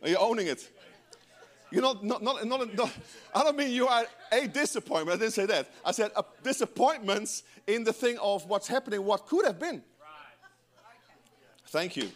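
A middle-aged man preaching a sermon in church, animated and breaking into joking asides to the congregation. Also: sits high, moderate pace. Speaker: pastor.

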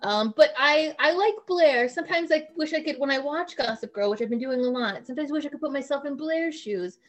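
Brief: female podcast co-host, slightly high voice, chatty and self-deprecating. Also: fairly quick. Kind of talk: casual comedic banter.

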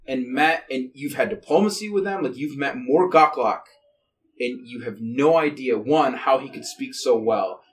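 A man narrating as game master of a tabletop game, rambling with many fillers and restarts. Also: mid-range voice. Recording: distant mic, faint background noise.

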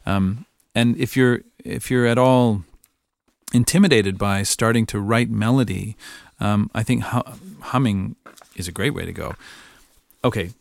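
A man's voice: lowish voice, a little slow, creaky, no echo. Thoughtful male ukulele teacher, musing aloud. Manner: musing, thinks aloud with fillers, hums and sings snippets. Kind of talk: relaxed demonstration lesson.

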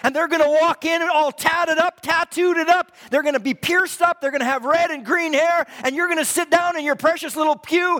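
A man preaching a fervent sermon in a church, repeating his lines and swinging from loud to hushed. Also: very high voice, steady tone, brisk, few pauses. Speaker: pastor. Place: church hall. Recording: long hall reverb.

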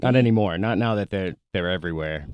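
A man's voice: sits low, fast, clean tone, no room sound, dull audio. A young adult man co-hosting a podcast in casual chat, with a dry, teasing sense of humor. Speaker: podcast co-host.

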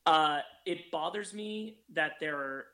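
A man's voice: fairly high pitch, slow pace, bright, forceful tone. A man in a casual film podcast discussion, laying out his opinions at length with frequent restarts. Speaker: podcast co-host.

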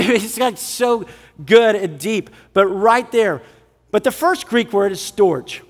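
A man preaching a sermon as pastor, conversational and animated, with frequent asides and rhetorical questions. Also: sits high, long reverb tail.

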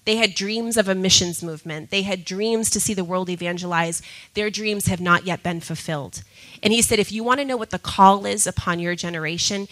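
A woman sharing a personal testimony with a group, talking in an animated way and often breaking into laughter. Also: medium pitch, brisk, poor audio. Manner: laughs often, excitable, repeats herself.

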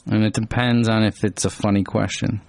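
A man's voice: fairly low pitch, level tone, brisk, vocal fry, darkish tone, a little hiss or hum. A man hosting a casual chat show, rambling and joking with many fillers. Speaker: radio show host.

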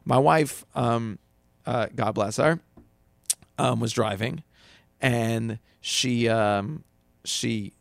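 A man's voice: mid-range voice, very slow, gravelly, long pauses, no echo. A man who teaches as a rabbi, giving casual spoken advice and acting out the people in his stories with frequent restarts. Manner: animated storyteller acting out quotes, many restarts.

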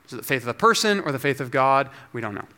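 A man preaching a teaching sermon, explaining scripture in a measured, scholarly way. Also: medium pitch, animated, sharp tone. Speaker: pastor.

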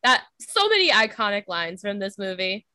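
A woman's voice: medium pitch, sing-song, normal speed, pushed and bright, clear, resonant tone, no echo. A woman co-hosting a casual chat, talking loosely with lots of "like" and frequent laughter. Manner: chatty, peppered with "like", laughs often.

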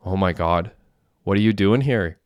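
A man's voice: deep voice, moderate pace, clear, resonant tone, dry recording, muffled recording, lightly acted. A man voicing a desperate young male criminal who talks in an urgent, raw way. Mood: tense.

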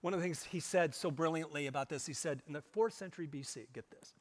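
A male pastor preaching a sermon, pressing hard on key words and then dropping to hushed, low asides. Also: fast. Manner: emphatic, swings between loud stresses and hushed low asides. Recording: long hall reverb.

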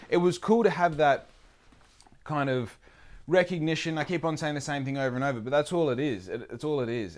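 A young man talking casually in a rambling, profane, self-deprecating way. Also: medium pitch. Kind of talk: casual monologue.

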